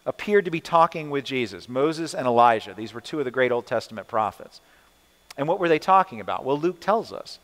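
A man's voice: medium pitch, a bit bright. A male pastor preaching a sermon, asking rhetorical questions and acting out the people and God in short quoted lines. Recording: long hall reverb.

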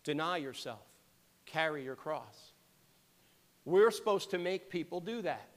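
A male pastor with a high voice delivers an earnest, emphatic sermon. He keeps stopping to clear his throat. His words ring out with the long reverb of a large hall. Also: animated, measured pace. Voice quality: earnest, emphatic preaching with rhetorical questions.

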